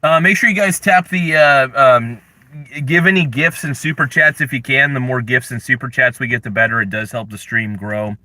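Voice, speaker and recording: A young man hosting a casual livestream, ranting in mock anger and chatting with viewers, with sudden loud outbursts. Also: medium pitch, moderate pace, no echo. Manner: animated, mock-angry rants with sudden yelled bursts. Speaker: livestream host.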